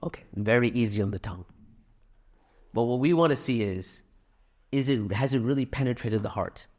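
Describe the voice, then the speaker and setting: A man's voice: mid-range voice, normal speed, darkish tone. A middle-aged man speaking to a live audience in a hall, telling anecdotes and making a donation appeal in a conversational way. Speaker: speaker at a fundraising talk.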